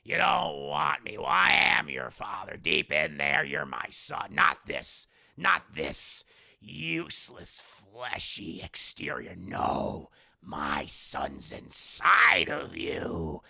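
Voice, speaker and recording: A man mock-impersonating a gruff, unhinged old father in a deep, gravelly growl, hammy and drawn out. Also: huge pitch swings, slow pace, sharp tone, no room sound, studio quality, exaggerated voice. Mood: insistent.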